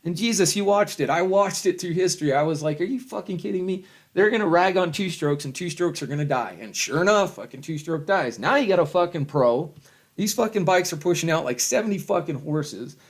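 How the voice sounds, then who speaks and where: A middle-aged man in a rambling, heavily profane rant to camera, with loud swings and frequent chuckles. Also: fairly high pitch, lively intonation, a little fast. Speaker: vlogger.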